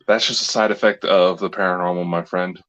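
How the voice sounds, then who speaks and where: A man's voice: sits low, steady tone, brisk, a bit bright, poor audio. A man co-hosting a show, making dry teasing jokes at his co-host in casual chat. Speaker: podcast co-host. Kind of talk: casual banter.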